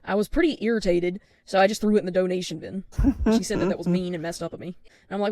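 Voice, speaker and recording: A woman's voice: lowish voice, steady tone, fast, warm tone, no room sound. A young woman telling a storytime tale in a chatty, exasperated way, with lots of fillers. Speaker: vlogger. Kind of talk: storytime vlog.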